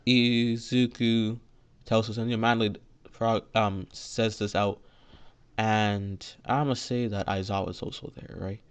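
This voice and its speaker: A man's voice: on the low side, flat delivery, a little slow, clear, resonant tone. A man improvising a fan story aloud, rambling and filling gaps with "you know" and "like.". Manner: rambling, heavy with 'you know' and 'like'. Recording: dull lo-fi recording.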